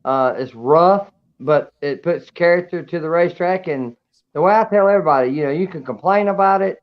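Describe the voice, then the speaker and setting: A man's voice: a little high, brisk. A man, a race-winning guest, talking casually and plainly over a video call. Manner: folksy, plain-spoken. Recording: dull, muffled call audio.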